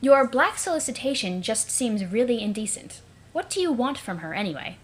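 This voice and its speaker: A woman's voice: a little high, very animated, moderate pace, breathy edge, pitched above the performer's own voice. A woman voicing a composed, dry-witted female troll who answers with sass.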